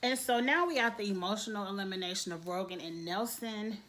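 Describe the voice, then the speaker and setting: In a brisk, mid-range voice, a woman casually recaps a reality TV episode. She is expressive, her tone swinging high and low, and she often breaks into laughter.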